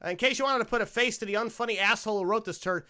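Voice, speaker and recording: High, bright-voiced man hosting a movie podcast. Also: smooth. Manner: animated and rambling, quick to laugh. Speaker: podcast host. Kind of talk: casual movie commentary.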